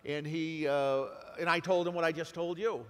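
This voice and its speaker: A middle-aged man with a New England accent, giving a talk to an audience in a halting way, full of fillers and restarts. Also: on the high side, fairly even intonation. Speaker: guest speaker. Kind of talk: speech to an audience. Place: large hall. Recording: long reverb of a hall.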